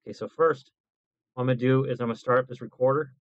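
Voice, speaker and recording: A man's voice: medium pitch, steady tone, quick pace, no room sound, muffled recording. A man hosting a home mic-test video, talking loosely and joking as he explains each step at his desk. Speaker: host testing microphones. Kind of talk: casual chat. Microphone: lavalier mic.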